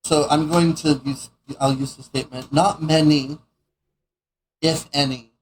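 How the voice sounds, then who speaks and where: A man's voice: a little high, fairly even intonation, measured pace, breathy edge, rough recording. A man co-hosting a casual podcast, easygoing and teasing, laughing along with his partner. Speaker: podcast co-host. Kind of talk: casual chat.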